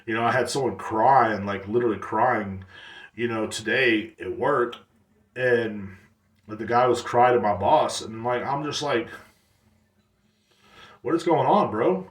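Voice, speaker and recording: A man's voice: medium pitch, unhurried, pauses often, roomy sound, far from the mic. A man hosting a podcast alone, rambling casually with blunt profanity and slang. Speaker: podcast host. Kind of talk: casual solo rant.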